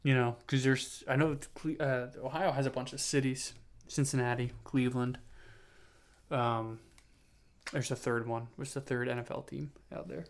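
A man's voice: medium pitch, fairly even intonation, normal speed. A young man hosting a solo podcast, rambling through loose tangents with lots of fillers and restarts, tired and self-mocking. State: tired, yawning. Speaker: podcast host.

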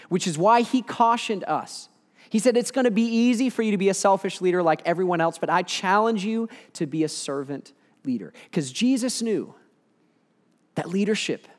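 A man preaching a sermon, telling a funny personal story in a relaxed, conversational way. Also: fairly high pitch. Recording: long hall reverb.

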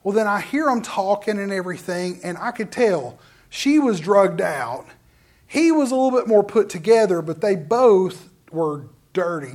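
A man preaching with real animation. He swings between loud emphatic stretches and soft, almost whispered passages, stumbling and repeating words as he goes. His delivery is informal and storytelling. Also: sits high. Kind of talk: sermon with personal stories.

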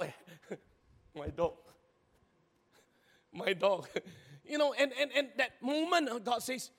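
A male pastor, preaching a sermon in an animated, exclaiming way, with many repeated words and sentence particles. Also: very high voice, long reverb tail.

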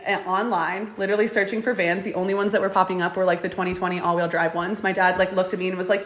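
A young woman chats in an echoey room, telling stories with lively energy and filling her speech with "like". She acts out the other people's lines as she goes. Her pitch sits in a middle range. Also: fast talker, few pauses. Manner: animated, says "like" often, acts out quotes. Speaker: guest, van dweller. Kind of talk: casual interview storytelling.

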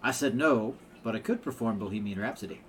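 A man dropping deadpan one-liner jokes in a casual chat. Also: on the low side, a little fast, a little hiss or hum. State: married. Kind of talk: casual joke-telling chat.

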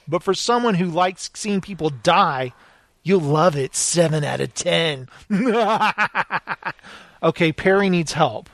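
High-voiced joking podcast host. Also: male voice, a bit bright. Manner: jokey, laughs often, mock-dramatic review readings. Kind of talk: casual podcast banter reading reviews.

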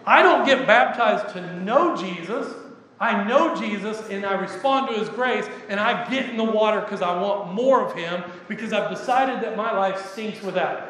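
Texan male pastor, emphatic and playful preacher, high tone, reverberant sanctuary with long decay. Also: normal speed, a bit bright. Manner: emphatic, joking asides to the congregation. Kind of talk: sermon. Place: church sanctuary. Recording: echoey church hall with reverb.

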